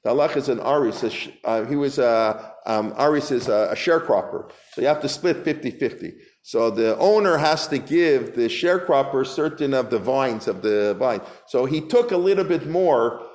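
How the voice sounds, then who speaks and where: A man's voice: medium pitch, darkish tone. A man teaching an informal Talmud class, reading Aramaic lines and paraphrasing them in loose, conversational English. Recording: echoey room.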